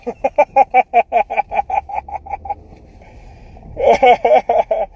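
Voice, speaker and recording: Brash high-voiced man hyping his viewers. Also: steady tone, extremely slow, creaky, husky, muffled recording. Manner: loud, swaggering and profane, with bursts of laughter. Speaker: artist. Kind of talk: motivational vlog talk.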